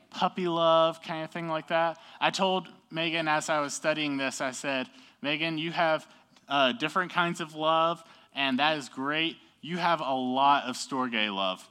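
Young male youth teacher, bright tense tone, casual and upbeat, keeps asking "okay?". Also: mid-range voice, normal speed, clean tone. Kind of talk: classroom teaching.

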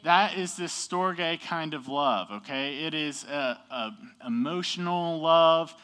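A man's voice: fairly high pitch, takes it slowly, sharp tone, clear, resonant tone. A young man teaching a class in a casual, upbeat way, often checking in with the group. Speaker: youth teacher.

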